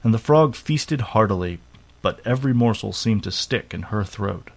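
A man's voice: lowish voice, animated, moderate pace, creaky. Man reading a fairy tale aloud. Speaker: narrator.

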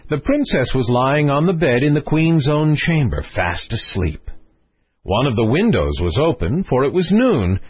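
A man narrating a fairy tale in an expressive, lilting storytelling manner. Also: mid-range voice, husky, dry recording, dull audio. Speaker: audiobook narrator.

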